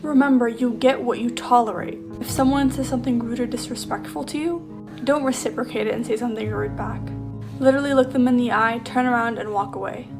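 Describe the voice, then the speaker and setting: Brief: woman, slightly high voice, earnest and instructive, music underneath. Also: steady tone, fairly quick. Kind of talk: motivational advice to camera. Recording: music playing behind the voice.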